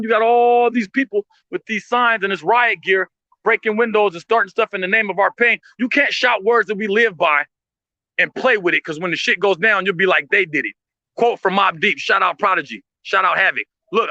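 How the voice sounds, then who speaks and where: A man's voice: sits high, a little fast, sharp tone, no room sound, lo-fi sound. A man speaking in heated, blunt commentary, profane and impassioned, often restarting his sentences.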